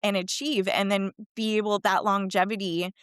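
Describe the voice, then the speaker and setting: A middle-aged woman, a fitness and wellness coach, telling a personal story in a casual interview, chatty and animated, acting out the voices she quotes. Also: medium pitch, moderate pace, clear, resonant tone, dry recording, studio quality.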